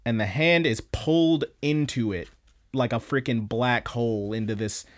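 Animated young man recapping an anime. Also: medium pitch, moderate pace. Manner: animated, swears freely, acts out lines. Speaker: podcast host. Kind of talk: casual recap of an anime episode.

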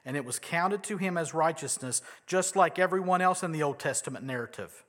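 A man delivers a sermon in a bright, high voice. He talks conversationally, tosses out rhetorical questions and punches key words for emphasis. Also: a little fast. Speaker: pastor.

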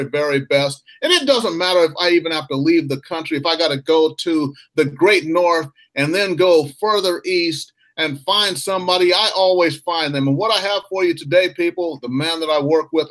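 A man hosting a hockey talk show, slightly high-voiced and upbeat. He introduces his guest with playful, showman-like flair and chats casually about the playoffs. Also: moderate pace, hardly any pauses, fairly bright tone. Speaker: host. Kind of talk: sports podcast chat.

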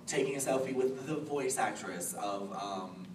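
A woman's voice: very deep voice, a little slow, a little mellow. Giggly woman on an echoey far-off panel. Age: late 20s. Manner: bubbly, giggly, lots of "like". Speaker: convention panel guest. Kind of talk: casual panel chat. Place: convention panel room. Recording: echoey room recorded from far off with noise.

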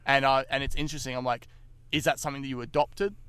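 Bright, crisp Australian man chatting. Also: medium pitch, fast, no room sound. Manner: animated, mimics pronunciations playfully. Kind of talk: casual roundtable chat.

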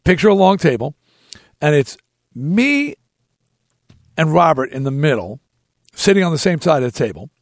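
A man hosting a podcast, telling a story in an animated, emphatic way. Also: fairly high pitch, moderate pace, pauses often, dry recording, clean studio sound. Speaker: podcast host. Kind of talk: storytelling chat.

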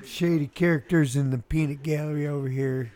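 A man's voice: fairly high pitch, steady tone, brisk, darkish tone. A man hosting a casual radio chat, joking and laughing easily. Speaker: radio host.

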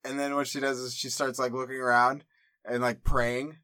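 Dry, animated male podcast storyteller. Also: medium pitch, moderate pace, no echo. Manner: animated storyteller, acts out scenes. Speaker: podcast co-host. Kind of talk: casual comedic chat.

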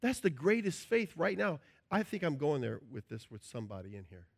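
A middle-aged man preaching a sermon as a pastor, animated and playful, acting out little scenes with shouts and joking voices. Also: a little high, a little fast, creaky, husky.

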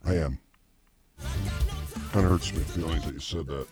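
A very low-pitched man hosting a comedy show with blunt, gruff banter. He snaps at his co-worker and sounds easily irritated. Music plays clearly behind him. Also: normal speed.

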